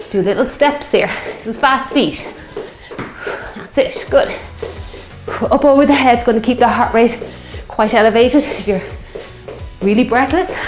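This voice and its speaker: A fairly high-voiced woman in her fifties coaches a workout class, calling out moves and cheering her class on. She sounds a little breathless at times. Her voice rings in an echoey room with music playing underneath. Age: 50s. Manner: encouraging, upbeat cues over exercise. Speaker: fitness instructor.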